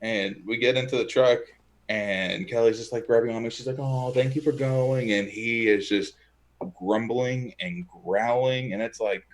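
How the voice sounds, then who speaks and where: Guy with a lowish voice rambling thru a story at home, acts out the quotes. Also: moderate pace. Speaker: guest, e-liquid maker. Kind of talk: casual storytelling chat.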